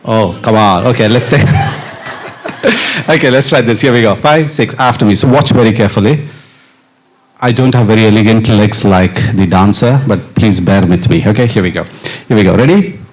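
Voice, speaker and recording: A middle-aged percussionist on stage with a mic, playfully coaching an audience to chant rhythm syllables. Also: male voice, lowish voice, moderate pace. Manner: playful, encouraging, laughs often. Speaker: percussionist leading an audience exercise. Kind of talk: live stage talk with audience participation. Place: stage of a live dance performance.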